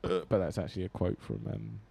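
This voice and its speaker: A man's voice: sits low, quick pace, creaky, mellow, a little hiss or hum. A man, co-hosting a podcast in casual, joking banter, swearing freely. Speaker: podcast co-host. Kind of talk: casual chat.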